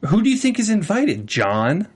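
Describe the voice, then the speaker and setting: Enthusiastic young man, somewhat high voice. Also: huge pitch swings, breathy edge. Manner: enthusiastic, emphatic, talks in quick bursts. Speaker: after-show co-host. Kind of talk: casual chat.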